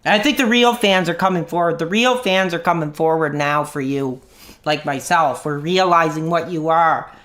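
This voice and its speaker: A man's voice: on the high side, normal speed, a bit bright. A man streaming an angry rant into his own mic, swearing, mocking and then apologizing for his language. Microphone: own desk mic.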